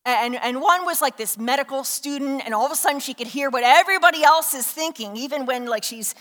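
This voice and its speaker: A woman's voice: high-pitched, a little fast, fairly bright tone. A woman pastor preaching a sermon in a conversational way, with many fillers and restarts. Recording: long hall reverb.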